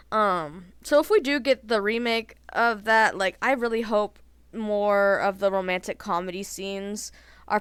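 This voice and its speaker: A woman talks straight into the camera in a loose, chatty vlog, her voice smooth and clear. She keeps saying "like" and laughs at her own opinions. The sound is close and dry, with no room around it. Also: medium pitch, dry recording. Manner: chatty and animated, heavy use of "like". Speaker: vlogger.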